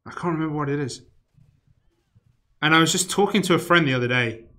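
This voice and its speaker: Chatting on a live stream as he games, this young man talks fast in a slightly high voice with a sharp edge. His rambling is loose and profane, broken up by muttering and humming to himself.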